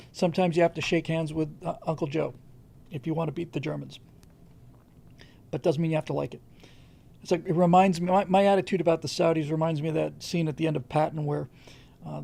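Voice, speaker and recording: Gravelly man hosting a casual livestream. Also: fairly high pitch, dark tone. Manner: rambling, with frequent restarts and hesitations. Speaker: livestream host answering viewer questions. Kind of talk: casual unscripted commentary.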